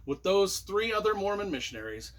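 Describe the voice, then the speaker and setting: A man's voice: sits high, a little fast. A man from Utah, a book reviewer casually telling a personal story in a rambling way. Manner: animated, rambling, with many fillers and asides.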